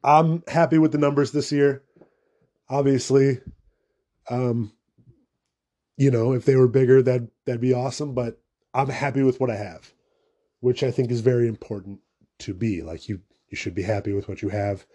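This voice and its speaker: A man's voice: mid-range voice, fairly even intonation, moderate pace, long pauses, warm tone. A young man hosting his own podcast in a loose, rambling monologue, swearing freely and making fun of himself as he goes. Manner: rambling and profane, self-mocking asides. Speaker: podcast host. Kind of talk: casual solo podcast monologue.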